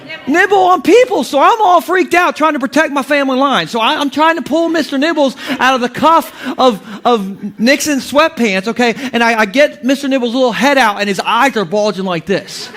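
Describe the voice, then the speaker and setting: A man's voice: very high voice, brisk, few pauses, fairly bright tone. A man in his thirties preaching a humorous sermon as pastor, telling stories with jokes and laughing often.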